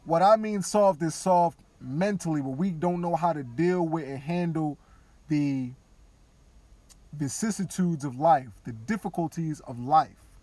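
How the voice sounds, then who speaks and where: Brief: male podcaster, slightly high voice, dry close mic, frank conversational riffing. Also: unhurried, no echo. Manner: candid, conversational, acts out other voices quietly. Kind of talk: casual opinion talk.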